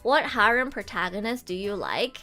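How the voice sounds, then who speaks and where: A woman's voice: mid-range voice, lively intonation, moderate pace, pushed and bright, faint music behind. A young woman streaming casually, frank and giggly, often stumbling and restarting her sentences. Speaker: streamer and voice actor. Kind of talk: casual livestream chat.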